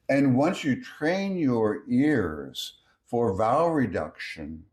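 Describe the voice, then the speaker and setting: Male language tutor, measured delivery, slow pace, animated pitch. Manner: measured, reads example words one by one. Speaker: language teacher. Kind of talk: slow scripted language lesson.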